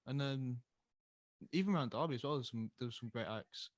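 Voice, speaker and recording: An easygoing young man from a band, answering questions in a relaxed interview. His voice sits mid-range, and the sound is dry and close. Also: mid-range voice, brisk, dry recording. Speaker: band member guest. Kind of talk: casual interview.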